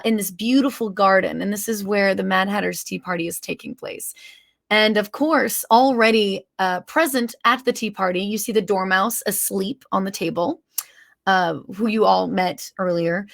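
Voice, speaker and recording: A woman's voice: mid-range voice, gravelly, fairly bright tone. A woman game master narrating a tabletop game, rambling and searching for words as she goes.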